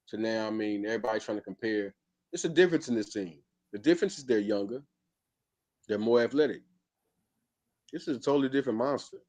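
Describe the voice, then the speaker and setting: A man hosting a sports podcast, arguing emphatically and repeating his points in casual speech. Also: medium pitch. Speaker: podcast host.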